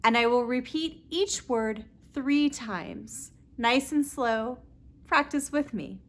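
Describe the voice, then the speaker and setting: A woman with a Southern Californian accent teaching pronunciation, repeating each word slowly and clearly. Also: fairly high pitch, animated. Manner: clear, deliberate word repetition. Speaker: pronunciation tutor. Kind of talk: slow pronunciation lesson.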